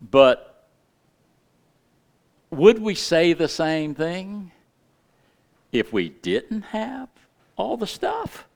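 Slow, animated preaching man. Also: high-pitched, creaky. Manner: lively preaching with asides to the congregation. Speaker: pastor. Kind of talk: sermon.

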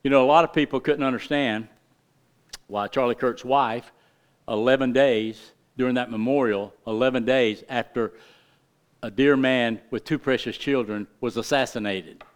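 A middle-aged pastor preaches passionately, his delivery shifting from loud crescendos to quiet, hushed passages. The voice is medium-pitched and clean, with fairly even intonation at a normal speed.

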